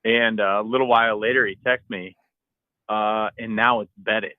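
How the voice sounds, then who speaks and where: Excitable man telling a hunting story. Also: on the low side, moderate pace, no room sound, phone-quality sound. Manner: animated storyteller, acts out his own shouts and texts. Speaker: podcast co-host. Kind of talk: casual storytelling.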